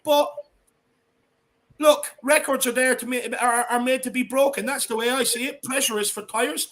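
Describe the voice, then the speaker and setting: High-voiced Irish man hosting a fan stream. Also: steady tone, moderate pace, a bit bright. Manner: upbeat, greets viewers by name with Irish slang. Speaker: host of a fan livestream. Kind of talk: casual livestream chat.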